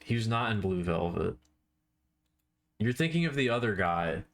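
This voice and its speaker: A man's voice: lowish voice, very animated, moderate pace, creaky. A man chatting casually on a live stream while he draws, rambling and self-deprecating, with offhand swearing.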